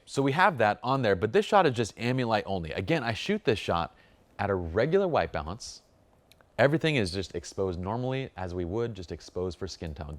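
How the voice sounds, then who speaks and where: A man teaching a photography workshop, upbeat and jokey, full of enthusiasm. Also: deep voice. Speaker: photography instructor. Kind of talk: workshop lesson.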